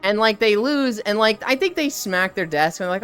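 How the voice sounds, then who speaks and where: Lively, swearing woman streamer. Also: medium pitch, moderate pace, smooth, soft background music. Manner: animated, profane anecdote-telling. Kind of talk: casual storytelling on a live stream.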